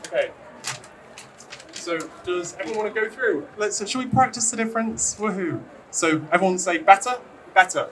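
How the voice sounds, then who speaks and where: A man's voice: high-pitched, normal speed, distant mic, background noise. A man with a British accent teaching English pronunciation to a classroom, chatty and teasing, with lots of ums. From Britain. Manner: chatty, hesitant with frequent ums, playfully teasing. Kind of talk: classroom lesson.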